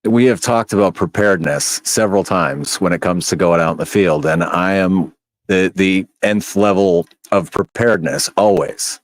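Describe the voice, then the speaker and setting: Low-voiced man telling a story. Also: normal speed, no echo, low-quality recording. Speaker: podcast co-host. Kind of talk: casual storytelling.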